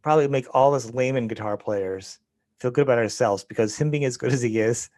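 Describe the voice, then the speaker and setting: A man hosting a podcast in a casual, enthusiastic and rambling way, quick to laugh. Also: mid-range voice, darkish tone, no echo, clean studio sound. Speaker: podcast host. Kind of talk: casual chat.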